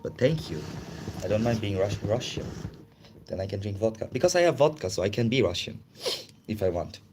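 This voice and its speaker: A man's voice: lowish voice, expressive, noisy background. Man hosting a chatty livestream. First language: Chinese. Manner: halting non-native English, chatty, laughs often. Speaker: livestream host. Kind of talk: casual livestream chat.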